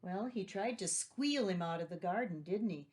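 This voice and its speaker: A woman's voice: mid-range voice, animated, normal speed, darkish tone. A woman teacher reading a children's story aloud and patiently explaining vocabulary and asking questions. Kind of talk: read-aloud vocabulary lesson.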